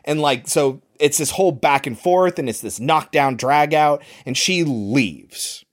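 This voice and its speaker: A man's voice: fairly high pitch, a little slow. Man animatedly retelling a film plot. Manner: animated retelling, swears, acts out quoted lines. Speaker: podcast co-host. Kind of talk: casual movie recap chat.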